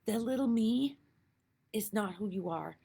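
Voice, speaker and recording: A middle-aged woman giving a heartfelt inspirational talk, earnest and emotional, moving between soft and emphatic delivery. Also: mid-range voice, animated, measured pace, vocal fry, slightly rough. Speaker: spiritual speaker.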